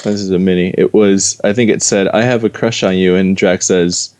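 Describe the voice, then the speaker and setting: A man's voice: low-pitched, steady tone, a little fast, few pauses, a little mellow. An American man co-hosting a podcast in laid-back, joking casual chat. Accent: American English. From United States. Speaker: podcast co-host.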